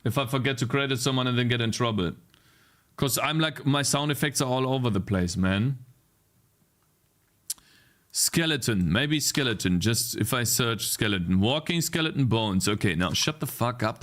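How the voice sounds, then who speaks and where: A man talks through his work on a live stream in a casual, mid-pitched voice. He grows exasperated and rants with plenty of swearing. He reads viewers' chat messages aloud and answers them. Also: moderate pace, fairly bright tone. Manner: exasperated, ranting, swearing often. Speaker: game developer streaming live.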